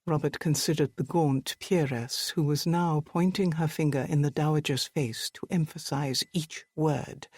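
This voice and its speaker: Measured audiobook narrator, dry sound. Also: mid-range voice, fairly even intonation, darkish tone, husky, dry recording. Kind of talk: scripted narration.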